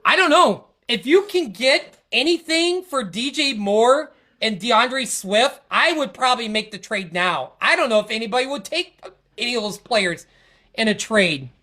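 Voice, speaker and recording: Fired-up high-voiced woman ranting. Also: expressive, unhurried, fairly bright tone. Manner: frustrated, rambling, restarts and stammers. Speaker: podcast host. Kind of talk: casual sports rant.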